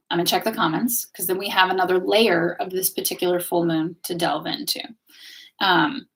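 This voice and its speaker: A woman's voice: fairly low pitch, vocal fry. A woman hosting a live astrology and tarot stream, talking casually to her viewers in an encouraging teaching tone and often checking in with them. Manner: chatty, warm-hearted, keeps checking in with viewers ("okay?", "right?").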